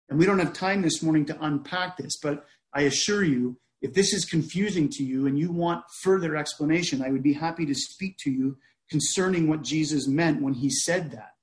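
A man preaching a sermon in a measured, deliberate way, often restarting his phrases. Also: on the high side, reverberant.

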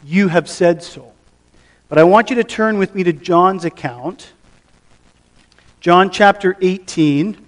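A man preaching a sermon, reading scripture aloud and then explaining it with measured emphasis. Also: sits high, recorded from a distance. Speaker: pastor.

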